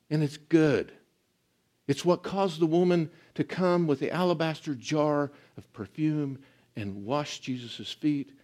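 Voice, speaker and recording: With a medium-pitched voice, a man preaching as a pastor teaches in an earnest, emphatic way. He slows down for stressed words and occasionally softens his voice.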